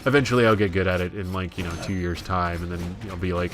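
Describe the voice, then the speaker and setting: Low-voiced rambling American gamer guy. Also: fairly even intonation, fast talker, hardly any pauses, faint music behind. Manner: rambling, self-deprecating, lots of fillers. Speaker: let's play gamer. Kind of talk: casual gameplay commentary.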